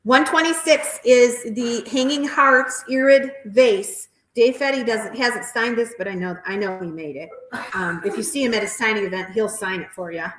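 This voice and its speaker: A woman auctioneer calling bids at a live auction in a rapid, repetitive chant, with chatty asides about the pieces. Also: fairly high pitch, a bit bright, slight background noise. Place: auction house hall. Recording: roomy echoey hall.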